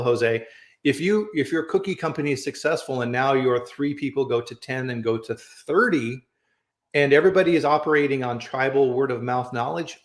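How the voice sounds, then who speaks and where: A man's voice: medium pitch, echoey room. A man hosting a casual chat, telling stories and often checking in with "right?". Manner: storytelling, says "right?" often. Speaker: host.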